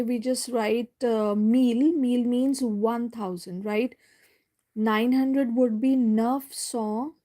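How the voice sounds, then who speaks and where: A woman teaching French in a live online lesson, going slowly step by step, repeating words and checking in with "right?". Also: fairly high pitch, dark tone.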